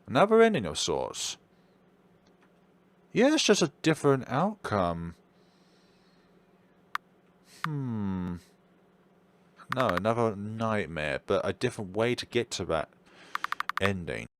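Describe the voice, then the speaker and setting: A man's voice: fairly low pitch, very animated, a little slow, long pauses, slight background noise. A man commenting on a horror game and reading its lines aloud in shifting voices. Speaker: gameplay commentator. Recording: game music behind the voice.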